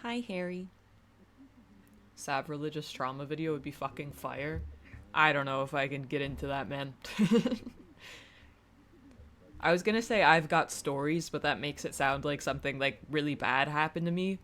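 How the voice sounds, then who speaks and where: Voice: mid-range voice, steady tone, normal speed, sharp tone, a little hiss or hum. A streamer giving playful, joking commentary on a live-streamed game, reading the dialogue aloud and laughing often, on a desk mic.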